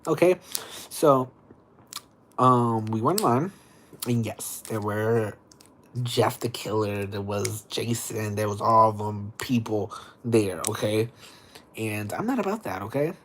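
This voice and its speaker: A livestream host telling a story in an animated, dramatic way, with sudden squeaky high exclamations. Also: male voice, takes it slowly, long pauses, slight background noise. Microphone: streaming setup.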